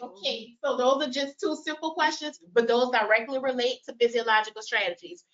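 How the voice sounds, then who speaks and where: A woman with a slightly high voice leads a caregiver training session. She moves briskly through points and checks in with the audience. The recording sounds dull and lo-fi. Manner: animated, quizzes audience with show of hands. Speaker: workshop presenter. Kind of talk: live training workshop.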